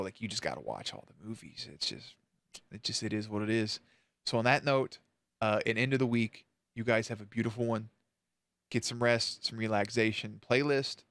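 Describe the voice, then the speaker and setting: Guy on a reaction channel spilling his feelings, swears casually, mid-pitched, dry close mic. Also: a bit bright, no room sound. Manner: emotional, candid retelling with casual swearing. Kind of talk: casual storytelling to camera.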